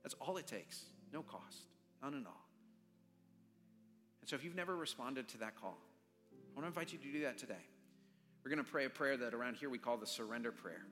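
Earnest man preaching with bright tone. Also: medium pitch, lively intonation, fairly quick, pauses often. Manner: earnest, pleading, repeating phrases. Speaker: pastor. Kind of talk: sermon and altar-call prayer. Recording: long reverb, soft music behind.

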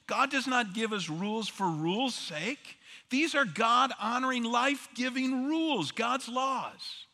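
A man's voice: very high voice, a little slow, sharp tone, long reverb tail. A man preaching a sermon as pastor, emphatic, with rhetorical questions and repeated words for stress.

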